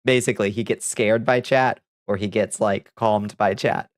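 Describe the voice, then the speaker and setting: A man's voice: lowish voice, fairly even intonation, moderate pace, no room sound, studio quality. A man streaming live, chatting casually with viewers, laughing often and swearing offhandedly. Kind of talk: casual livestream chat.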